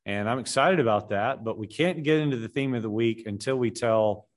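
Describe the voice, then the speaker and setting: A man, a pastor co-hosting a podcast, chatting casually and telling a joke in a relaxed, playful way. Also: mid-range voice, fairly quick.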